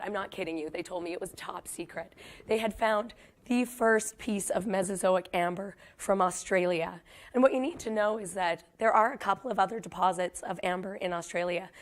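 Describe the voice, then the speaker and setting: A young woman from Canada giving a casual public lecture while losing her voice. She speaks low and hoarse, and her delivery is chatty and self-deprecating. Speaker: guest lecturer.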